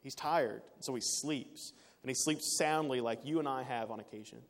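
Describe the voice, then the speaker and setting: A man's voice: medium pitch, moderate pace. Preaching man in an echoing hall. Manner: earnest, builds to emphatic peaks then drops quiet. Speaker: pastor. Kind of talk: sermon. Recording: long reverb of a large hall.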